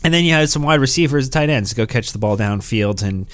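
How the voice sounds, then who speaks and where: A man's voice: medium pitch, expressive, fast talker, no room sound. A man co-hosting a football podcast, chatting in a friendly, playful way. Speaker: podcast co-host. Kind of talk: casual podcast chat.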